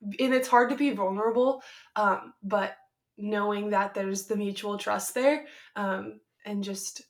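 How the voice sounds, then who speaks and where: Woman, medium voice, soft and rambly, casual faith talk, lots of um and like. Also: mid-range voice, steady tone, unhurried. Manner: soft-spoken, rambling, many fillers.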